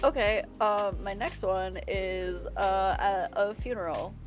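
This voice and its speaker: A woman's voice: medium pitch, steady tone, takes it slowly, music in the background. A woman co-hosting a comedy podcast, telling playful stories full of "like" fillers. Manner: playful storyteller, frequent "like" fillers. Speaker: podcast co-host. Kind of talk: casual comedic chat.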